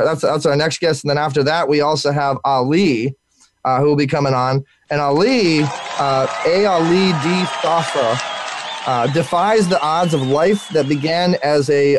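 A man hosting a live internet talk show, energetic and full of fillers and repeated words, while sick. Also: fairly high pitch, normal speed, noisy background.

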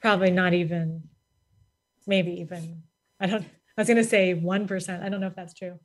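A woman's voice: lowish voice, steady tone, moderate pace. A woman author as a guest in a casual interview, telling chatty anecdotes.

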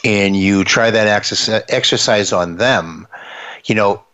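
A man's voice: on the low side, unhurried, sharp tone. A man speaking earnestly and reflectively, often restarting his phrases. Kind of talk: conversational interview talk. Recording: dull lo-fi sound.

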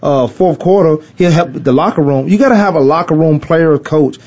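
A man's voice: on the high side, normal speed, a little mellow. A man hosting sports talk radio, teasing and loose, often dropping verb endings. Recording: dull lo-fi radio sound.

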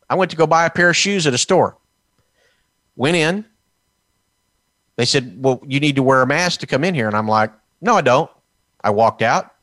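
A man from Texas delivering a fiery political commentary, sarcastic and combative. His voice sits at an ordinary middle pitch. The sound is dry and close, with no room echo. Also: sharp tone. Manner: combative and sarcastic, mocking officials in put-on quotes. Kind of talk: heated political talk.

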